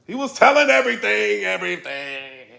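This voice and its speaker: This is a man running his own commentary vlog, loose and slangy as he unpacks the latest drama for his viewers. His pitch sits a little high and leaps around freely. The room has a clear echo to it. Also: brisk. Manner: slangy, animated storytelling. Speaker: battle rap blogger.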